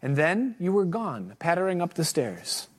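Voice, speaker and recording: Earnest man preaching, slightly high voice. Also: sing-song, moderate pace. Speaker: pastor. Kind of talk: sermon with a read-aloud excerpt.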